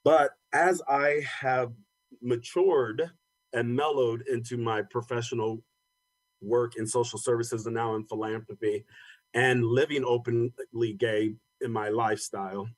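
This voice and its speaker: A man's voice: mid-range voice, fairly even intonation, a little slow, no echo, low-quality recording. A man speaking earnestly and reflectively on a conference panel, sometimes repeating words as he thinks. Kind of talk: personal panel talk.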